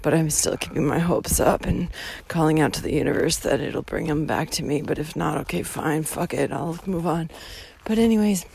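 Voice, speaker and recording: A young woman hiking vlogger ranting outdoors into her phone, swearing constantly and swinging between shouting and muttering. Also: low-pitched, normal speed, gravelly, husky. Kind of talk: profane ranting monologue. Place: outdoors on a coastal hiking trail.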